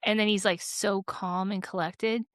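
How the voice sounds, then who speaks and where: A woman's voice: mid-range voice, measured pace, clear, resonant tone, no room sound. A woman co-hosting a podcast in casual chat, telling stories animatedly with lots of "like". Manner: animated, chatty storytelling full of "like". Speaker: podcast co-host.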